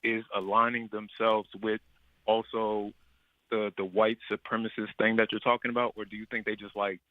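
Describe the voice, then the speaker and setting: A man's voice: lowish voice, level tone, normal speed, dry recording. A man from Texas calling in to a show, stammering and hesitant as he makes his points. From Texas, United States. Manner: hesitant, stammering, repeats words. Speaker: caller. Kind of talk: call-in debate. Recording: tinny phone line.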